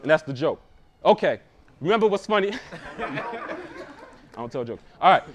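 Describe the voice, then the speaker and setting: Young male battle rapper with a high voice; confrontational, punchline-heavy delivery, repeats lines for emphasis. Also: big pitch swings, measured pace. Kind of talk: live battle rap verse.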